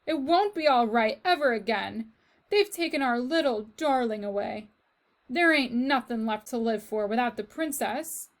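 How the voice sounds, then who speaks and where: A woman voicing a fierce, mouse-hating female cook in a storybook reading, shouting and wailing her lines. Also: on the high side, expressive, normal speed, natural voice. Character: fierce loud middle-aged female castle cook.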